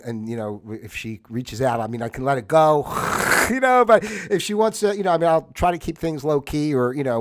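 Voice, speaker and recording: A man hosting his own livestream talk show, speaking casually with a rambling, filler-heavy, apologetic manner. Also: mid-range voice. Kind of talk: casual solo livestream chat.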